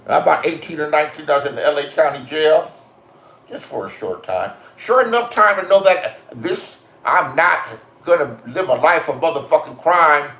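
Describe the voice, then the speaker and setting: Middle-aged Californian man, profane ranting storyteller, slightly high voice, recorded in a roomy space. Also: big pitch swings, moderate pace, sharp tone. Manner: crude, swearing, confrontational storytelling. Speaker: vlogger. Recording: roomy echo.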